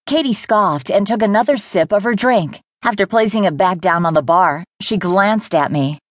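A woman's voice: mid-range voice, expressive, moderate pace, no echo, clean studio sound. Woman narrating a romance audiobook. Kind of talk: first-person romance narration.

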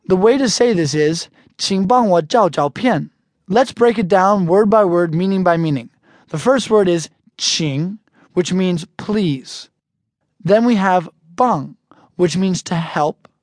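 An American man teaching an audio language lesson, chatty and relaxed, slowing down carefully to model each phrase. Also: high voice, no room sound, studio quality. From United States.

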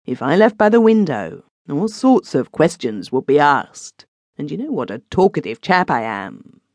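A man reading an audiobook voices a glib, teasing young gentleman who is deep in debt. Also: big pitch swings, normal speed, no echo. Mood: wheedling. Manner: teasing, wheedling.

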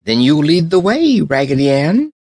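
A man voicing a caring female French doll in a children's storybook, with bright, eager exclamations. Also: mid-range voice, animated, normal speed, slightly rough, no room sound, studio quality.

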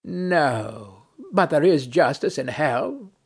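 A bored, ironic nobleman who lectures with dry mockery, voiced by a man reading a play. His speech is slow and gravelly, with a lively rise and fall. The voice stays fairly high for a man. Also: full character voice. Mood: weary, brooding. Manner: dry, mocking, philosophical. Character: weary, ironic nobleman and duelist in hell. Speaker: audiobook narrator. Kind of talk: reading a stage play aloud.

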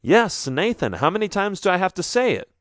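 A man voicing a timid, quick-witted ten-year-old schoolboy in a children's storybook, earnest and eager. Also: high voice, sing-song, no echo, studio quality, voice pushed up.

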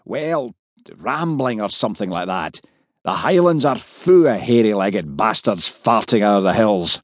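A man's voice: on the low side, animated, unhurried, no room sound, studio quality, pitched above the performer's own voice. A man voicing a coarse, scheming middle-aged male detective who talks bluntly and crudely. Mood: gruff.

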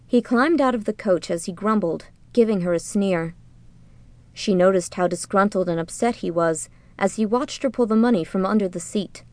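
This is scripted narration: a woman narrating an audiobook reads a storybook at a middle pitch in an even, measured way. The recording is dry and close, without any room sound.

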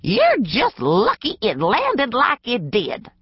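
Audiobook: narrator plays a cranky old shop clerk, shrill and scolding, pitched way up. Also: female voice, huge pitch swings, slow pace, vocal fry, slightly rough, no echo, highs cut off, exaggerated voice. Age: older. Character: crotchety old female store clerk.

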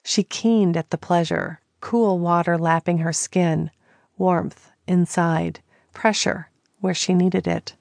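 A woman narrating an audiobook in slow, even storytelling. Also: on the low side, vocal fry, no echo. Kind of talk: scripted narration.

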